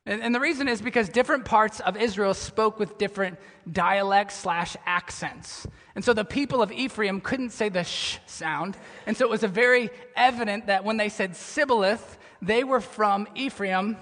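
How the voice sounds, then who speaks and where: A male pastor preaching a sermon, telling stories with animation and sinking into a low, somber tone. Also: normal speed, few pauses, fairly bright tone, long reverb tail.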